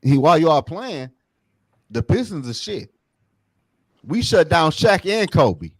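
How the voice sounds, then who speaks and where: A man co-hosting a casual sports podcast, loud, profane and joking. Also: a little high, sing-song, takes it slowly, no room sound. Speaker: podcast co-host.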